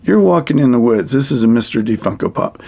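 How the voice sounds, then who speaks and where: A man demonstrates a survival tool for a young audience in a loose, rambling way, circling back with plenty of fillers. His mid-pitched voice carries a gravelly texture throughout. He keeps a folksy, homespun manner as he explains. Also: lively intonation, brisk, a little mellow. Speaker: wilderness survival teacher. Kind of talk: casual how-to demonstration for kids.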